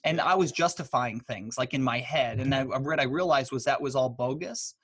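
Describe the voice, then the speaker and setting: A man, a guest in an interview, telling stories in a loose, animated way full of fillers. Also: mid-range voice, normal speed, breathy edge, no room sound. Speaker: guest, author and speaker. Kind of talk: casual interview storytelling.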